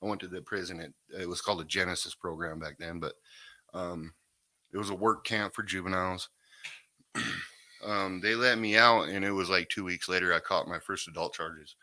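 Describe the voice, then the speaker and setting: A man's voice: deep voice, fairly even intonation, moderate pace, bright, forceful tone, dry recording. A man, talking in a laid-back, rambling way as a guest recounting his recovery story. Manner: laid-back, rambling, lots of "you know what I mean". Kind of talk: casual interview chat.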